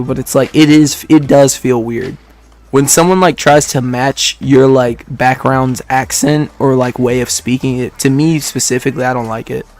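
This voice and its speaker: A man in his twenties from Detroit, chatting casually with stream viewers in a rambling way, laughing often and filling with "like". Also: mid-range voice. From Detroit, United States. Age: 20s.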